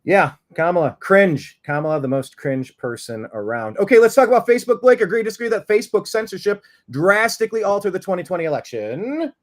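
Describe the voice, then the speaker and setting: A man's voice: sits high, animated, a little fast, few pauses. A man hosting a talk show, putting wry questions to his co-host. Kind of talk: casual political talk show chat.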